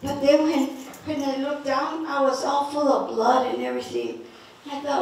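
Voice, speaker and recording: New lady telling a story, high voice, playful, far off in a really echoey room. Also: normal speed. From Northern New Mexico. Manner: lively and playful, laughing, mixes in Spanish words. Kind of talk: personal storytelling.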